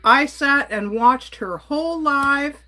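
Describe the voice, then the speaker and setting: A woman's voice: high-pitched, takes it slowly, pushed and bright. A woman from Canada ranting on a casual livestream, exasperated and blunt while she reads and answers her chat. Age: adult.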